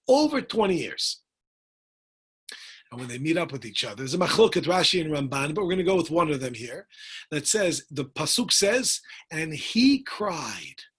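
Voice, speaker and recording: A man teaching a Torah class as a rabbi, animated and acting out voices, with Spanish words dropped in. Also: on the high side, slightly rough.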